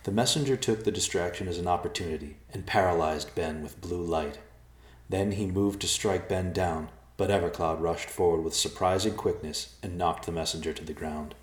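A male narrator reads a storybook chapter in a steady, measured way. His voice is very deep, and the recording has a roomy echo. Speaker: audiobook narrator.

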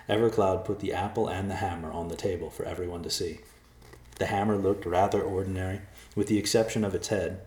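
A man with a very deep voice reads a storybook aloud in a calm, measured way. The recording carries a roomy echo. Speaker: narrator. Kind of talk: storybook reading. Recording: echoey room.

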